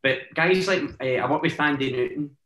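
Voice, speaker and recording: A man's voice: fairly high pitch, normal speed, fairly bright tone, roomy sound, rough recording. A Scottish man chatting as a guest actor, telling stories in a rambling way with lots of "eh" fillers. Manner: rambling storytelling, many "eh" fillers. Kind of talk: casual chat.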